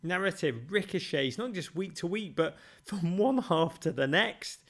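A man's voice: high-pitched, animated, normal speed, gravelly, a bit bright. A man hosting a football podcast, answering listener questions with dry, self-mocking humour and theatrical flourishes. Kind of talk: wry, theatrical monologue.

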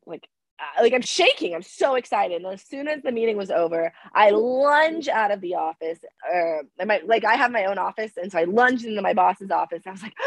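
A young woman co-hosting a podcast in casual chat, telling stories excitedly with a slightly hoarse voice that keeps cracking because she is sick. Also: medium pitch, dry recording, rough recording. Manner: excitable storyteller, gushing and animated. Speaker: podcast co-host.

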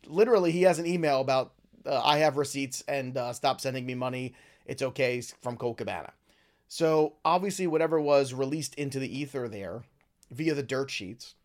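A man hosting his own talk show, giving opinionated, rambling commentary with lively swings in pitch and loudness. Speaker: podcast host. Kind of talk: casual wrestling commentary.

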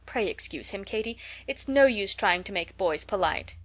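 A woman's voice: mid-range voice, expressive, moderate pace, fairly bright tone. A woman reading as a fussy, scolding society matron. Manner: fussy, nagging and prim. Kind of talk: audiobook character reading.

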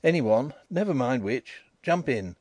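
Man reading an impulsive young man, gruff, abrupt, bossy; dry recording. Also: medium pitch, lively intonation, normal speed, darkish tone, no room sound.

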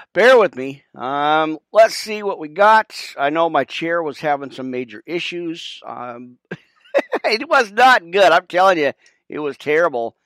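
A breathless man, a pastor hosting a podcast, rambles through his setup in a slightly high voice. He keeps stopping to call his listeners friends and fills the gaps with halting sounds. The sound is close and dry, with almost no room echo. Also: a bit bright. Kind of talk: casual chat while setting up a livestream.

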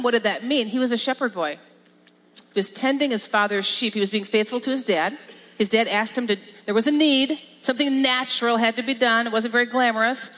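A woman pastor giving a lively, emphatic sermon with repetition and laughs. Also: a little high. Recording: long reverb of a large hall.

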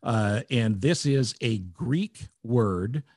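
A man's voice: mid-range voice, lively intonation, drawn-out words, darkish tone, no echo, clean studio sound. A man co-hosting a casual chat podcast, joking and teasing in banter. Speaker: podcast co-host.

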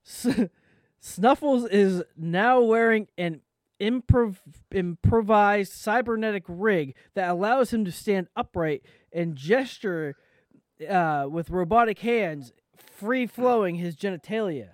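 A woman reading stage directions aloud in a casual, halting script read-through. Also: mid-range voice, no room sound, studio quality. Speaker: script reader.

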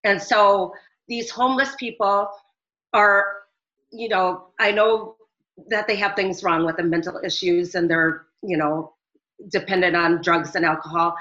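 A woman's voice: on the low side, fairly even intonation, unhurried, sharp tone. A middle-aged woman, a business owner calling into a talk show, recounting events in an earnest, rambling way. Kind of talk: phone-in interview. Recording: dull lo-fi audio.

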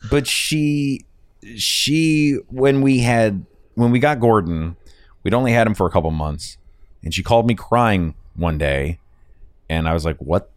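A man's voice: on the low side, unhurried, no room sound, studio quality. A man hosting a podcast, chatting casually, rambling and swearing and laughing at his own stories. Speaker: podcast host. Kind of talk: casual chat.

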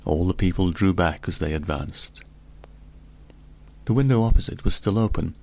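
A man reading a gothic tale aloud in the first person, in a measured, solemn way. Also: deep voice, darkish tone. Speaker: audiobook narrator.

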